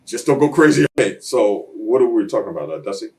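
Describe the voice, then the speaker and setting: This interview guest speaks quickly in a fairly low, darkish voice with lively intonation. Sitting down for a shoot interview, he tells streetwise stories bluntly and performs the voices of the people he quotes.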